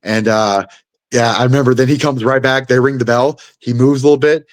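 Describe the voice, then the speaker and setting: A man's voice: mid-range voice, fairly even intonation, brisk, no echo. A young man, a guest fighter, telling a fight story in casual chat. He swears freely and acts out the blows with sound effects.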